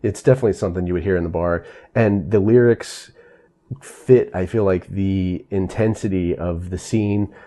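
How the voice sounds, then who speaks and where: A man hosting a casual film soundtrack review, easygoing and quick to laugh. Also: low voice, fairly even intonation, dark tone. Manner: easygoing, laughs often, trails off into restarts. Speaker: podcast host.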